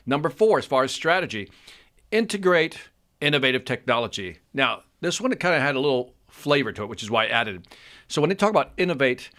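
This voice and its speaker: A man's voice: medium pitch, fairly bright tone. Eager man talking shop. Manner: enthusiastic, repeats his words, reads out statistics. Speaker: co-host. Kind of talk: casual chat.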